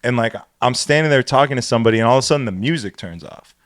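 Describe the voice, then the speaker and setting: A man in casual podcast chat, telling a story with lots of swearing and animated retelling. His voice is mid-pitched and the sound is close and dry, with no room around it. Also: rapid-fire, dry recording. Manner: profane, animated storytelling with acted quotes. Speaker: podcast co-host.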